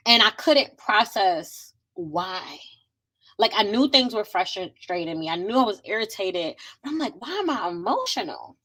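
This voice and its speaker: A woman with hosts a faith podcast in a relaxed, heartfelt way. She talks straight to her listeners, slipping into a preaching tone and laughing as she goes. Her voice sits at an ordinary middle pitch. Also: low-quality recording. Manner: earnest, conversational, preachy with laughs. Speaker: podcast host. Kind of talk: casual faith talk podcast.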